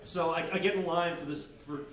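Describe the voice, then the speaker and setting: Rambling young comic in echoey basement. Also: male voice, on the high side, steady tone, fairly quick, fairly bright tone. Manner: rambling and self-deprecating, heavy on "like" and swearing. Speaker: stand-up comedian. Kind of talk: stand-up comedy set. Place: basement bar comedy night. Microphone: handheld recorder out in the room. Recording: echoey basement, distant recorder, faint room noise.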